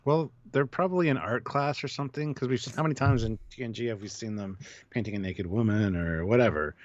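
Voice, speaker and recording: A man co-hosting a casual chat show with a dry, deadpan manner. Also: mid-range voice, quick pace, no room sound. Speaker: podcast co-host. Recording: dull lo-fi sound.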